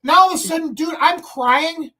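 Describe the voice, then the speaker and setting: A man in his forties co-hosting a podcast, animated and joking, backing up his partner with frequent agreement. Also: extremely high pitch, moderate pace, a loud crowd. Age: 40s. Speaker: podcast co-host. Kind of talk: casual conversation.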